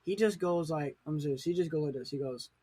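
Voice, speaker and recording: A teenage boy chatting casually and telling a rambling story in a soft, mumbled way. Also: fairly high pitch, fast, husky. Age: teens. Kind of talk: casual chat.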